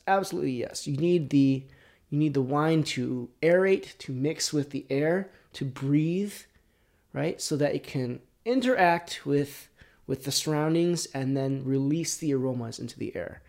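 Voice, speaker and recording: A man's voice: fairly high pitch, animated, moderate pace, gravelly. A man hosting his own podcast, chatting casually through a whiskey tasting, rambling and correcting himself, often dropping into muttered near-whispers. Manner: drops to near-whispers between louder bursts. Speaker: podcast host.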